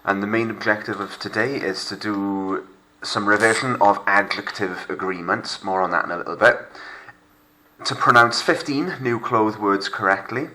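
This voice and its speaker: A deep-voiced man teaches a recorded remote lesson. His tone is bright and forceful, and he explains patiently, step by step, with fillers. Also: poor audio.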